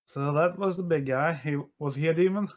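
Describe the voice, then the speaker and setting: A man playing a tabletop role-playing game mutters as he checks his dice and reports the rolls. His voice is on the high side and fairly quick.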